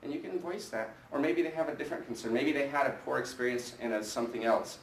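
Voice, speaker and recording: A man running a live sales training, energetic and coaching, putting questions to the people in front of him. His voice comes from some way off the mic, in an echoey room with a faint hum of ambience behind it. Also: mid-range voice, quick pace, recorded from a distance.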